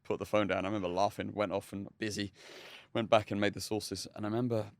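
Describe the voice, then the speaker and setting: Fast-talking chef, chatty. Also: male voice, lowish voice, level tone, no room sound. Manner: quick, chatty, many fillers and restarts. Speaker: chef, podcast guest. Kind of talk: casual storytelling.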